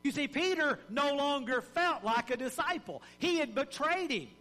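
High-voiced folksy man preaching. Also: normal speed, big-room sound, poor audio. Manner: folksy, animated preaching with acted-out quotes. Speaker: pastor. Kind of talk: sermon.

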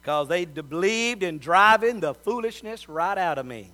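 A man's voice: high-pitched, expressive, moderate pace, sharp tone. A middle-aged man, preaching a sermon as a pastor and telling folksy stories.

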